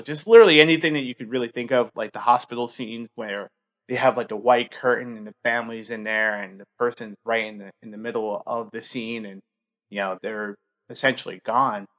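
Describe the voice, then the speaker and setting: A man in his thirties speaks at an ordinary middle pitch, earnest and open as he tells a personal story on his podcast. His talk is halting and full of fillers. The recording sounds slightly dull and lo-fi. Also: fairly bright tone. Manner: halting, heavy use of fillers. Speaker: podcast host.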